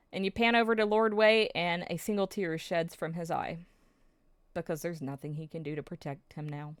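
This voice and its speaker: A woman's voice: fairly low pitch, clean tone, dry recording, clean studio sound. A woman recapping episodes of a drama in a casual, emotional, storytelling way, with plenty of fillers.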